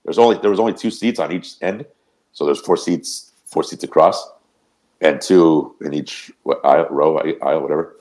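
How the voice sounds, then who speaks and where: Deep-voiced man telling a rambling story. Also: moderate pace. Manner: rambling, profane, animated anecdote. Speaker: podcast co-host. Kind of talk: casual storytelling.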